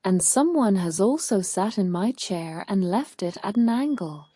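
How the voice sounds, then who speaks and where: A woman voicing a calm mother bear in a storybook, speaking in an even, middle-toned way. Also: mid-range voice, a little slow, no room sound. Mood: fussed.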